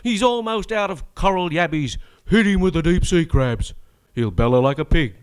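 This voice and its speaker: A man's voice: a little high, animated, normal speed, smooth, voice pushed up, natural voice. A man with an Australian accent voicing a blustering male politician barking battle orders in a comic ballad. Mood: commanding.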